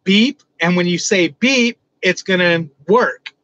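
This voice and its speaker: A man's voice: high voice, slow pace, a bit bright, no room sound, dull audio. A man voicing a male doctor in a joke he tells, giving instructions in a matter-of-fact way.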